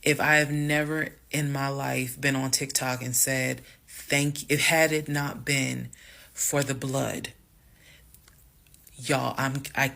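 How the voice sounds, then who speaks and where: A woman telling a heated personal story to her followers, animated, swinging between hushed and loud and repeating herself. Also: very deep voice, creaky. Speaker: storyteller on social media. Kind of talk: emotional storytime monologue.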